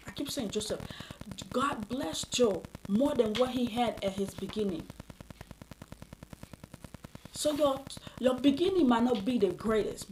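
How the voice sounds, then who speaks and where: Woman preaching; higher-pitched, earnest and storytelling, noisy home video. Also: darkish tone. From Sierra Leone. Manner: earnest storytelling with frequent restarts. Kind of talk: sermon.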